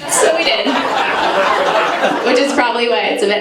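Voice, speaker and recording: An American woman in her thirties performs a self-mocking stand-up set. Her voice comes from some way off the mic and rings around a very echoey room. An audience laughs clearly behind her. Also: a little high, lively intonation, moderate pace, recorded from a distance, over a noisy crowd, heavy background noise. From United States. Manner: chatty, self-mocking, lots of "like". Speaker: stand-up comedian. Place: live comedy venue with audience.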